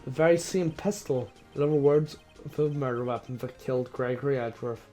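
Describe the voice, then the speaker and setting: A man voicing a confident young male defense attorney who argues steadily and methodically, his voice a little hoarse. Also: mid-range voice, steady tone, brisk, dark tone, soft background music, lightly acted.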